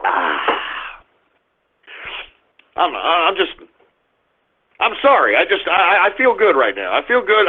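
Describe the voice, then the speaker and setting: A man hosting a radio talk show, ranting aggressively and shouting insults at his listeners. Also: high voice, breathy edge. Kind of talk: angry ranting monologue. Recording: muffled phone-line radio stream.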